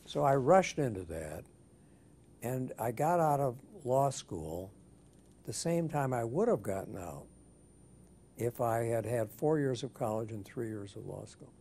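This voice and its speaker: An older man being interviewed for an oral history, speaking in a measured, thoughtful way with frequent restarts. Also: mid-range voice, sing-song, gravelly, dark tone, slight background noise.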